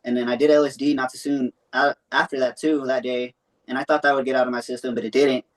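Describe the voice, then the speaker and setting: A man's voice: medium pitch, flat delivery, fast talker. A young man telling a long personal story in a loose, rambling way, full of swearing and fillers. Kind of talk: casual storytelling.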